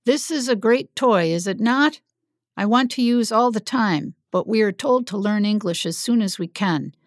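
Lady reading a friendly guy speaking slow and careful in plain words, dry sound. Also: mid-range voice, lively intonation, dry recording, close to an everyday voice. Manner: slow, careful, simple phrasing. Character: friendly Hungarian man speaking through a translator.

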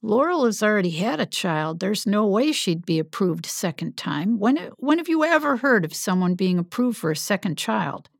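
A woman voicing a cautious adult man who speaks calmly and warns his friend. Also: mid-range voice, vocal fry, no echo, clean studio sound. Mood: reasoning. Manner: calm, warning, measured.

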